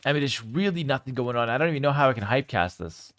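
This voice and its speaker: A young man casting a strategy game live and chatting with his viewers, with sudden bursts of excitement. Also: medium pitch, fast. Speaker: game streamer and caster. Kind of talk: live game commentary with chat.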